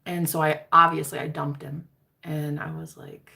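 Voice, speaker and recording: A woman's voice: low voice, flat delivery, moderate pace, creaky, bright, forceful tone. A woman casually telling a personal story to her viewers, candid and profane, calling them girl. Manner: candid, profane, chatty, addresses listeners as girl. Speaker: tarot reader.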